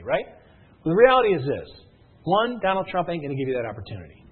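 A man delivers a motivational talk with a husky, grainy voice that swings widely up and down in pitch. He drives his points home through repetition and stories. The sound is thin and tinny, as if heard over a phone line. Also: very animated, fast talker. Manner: emphatic, repetitive, storytelling, rising and falling intensity. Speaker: motivational speaker at a sales meeting. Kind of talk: motivational speech to a live room.

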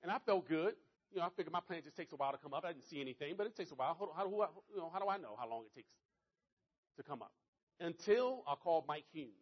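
A man giving a motivational speech to an audience, telling a story in an animated, conversational way. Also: on the high side, fast talker, husky, lo-fi sound. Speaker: motivational speaker.

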